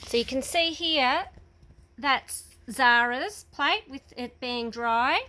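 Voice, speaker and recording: A woman's voice: high voice, slow, pushed and bright. A woman teaching a casual ceramics workshop, patiently explaining each step while guiding children as they paint. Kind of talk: casual hands-on demonstration.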